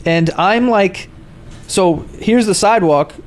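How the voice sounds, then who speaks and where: A podcast host in casual chat, telling a rowdy story, swearing and acting out the other people in it. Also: male voice, high voice, slow pace. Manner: animated storyteller, swears freely, acts out voices.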